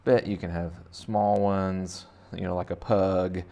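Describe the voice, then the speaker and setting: Slow and mellow, this man's low, gravelly voice barely moves in pitch. He's an art teacher leading a casual drawing lesson for kids, thinking out loud as he sketches and rambling with jokes along the way.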